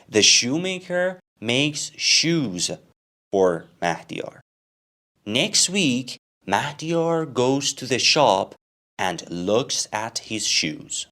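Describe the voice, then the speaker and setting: Slow, animated English teacher man. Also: mid-range voice. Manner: asks questions then answers them himself. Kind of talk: slow storytelling lesson with questions.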